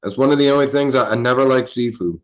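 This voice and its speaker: A man's voice: mid-range voice, fast talker, muffled recording. A man hosting a casual livestream, laid-back and profane, reading the chat aloud. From Philadelphia. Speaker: livestream host.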